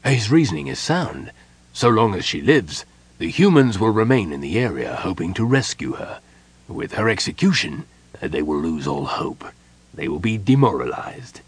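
A calm, unyielding elf general who speaks slowly and deliberately, pausing with small hesitations, as a man reads him in an audiobook. His voice drops well below the narrator's usual pitch and sounds husky. He stays quiet rather than loud. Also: dry recording, full character voice. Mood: coldly reasoning. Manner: measured, deliberate, with soft hesitations. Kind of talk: audiobook character reading.

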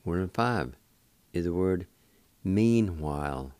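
Older male radio host, deep and dry, unhurried teacher who repeats each syllable. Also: lively intonation, darkish tone, dry recording. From Cherokee Nation, Oklahoma. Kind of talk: slow spelled-out language lesson.

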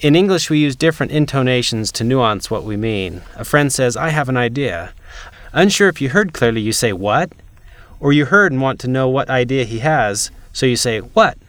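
A man narrating a language lesson from a script, with measured, clear enunciation and demonstrated intonations. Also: medium pitch, lively intonation, fairly bright tone, no room sound.

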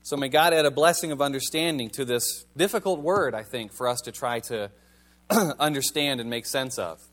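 A man's voice: mid-range voice, normal speed, fairly bright tone. A male pastor giving a sermon in a conversational, wry manner, reading scripture and asking the congregation rhetorical questions.

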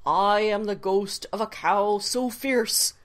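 A woman reading a storybook and voicing the ghost of a gentle female cow who pretends to be fierce, with booming, drawn-out threats. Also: fairly even intonation, close to an everyday voice. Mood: menacing.

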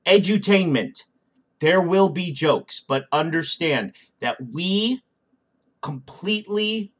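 A man co-hosting a comedy podcast, joking and swearing freely in casual chat. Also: sits high. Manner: profane, excitable, jokey. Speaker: podcast co-host.

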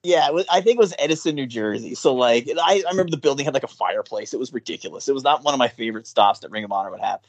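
Man guest, casual chat, animated storyteller who laughs and swears freely, dry close sound. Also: mid-range voice, rapid-fire, few pauses, no room sound.

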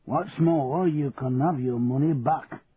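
Brief: male reader doing a wary old Yorkshire man, gruff and slow, tinny lo-fi recording. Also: mid-range voice, a crowd in the background, lightly acted. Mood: angry. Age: older. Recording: tinny lo-fi radio recording, faint hiss.

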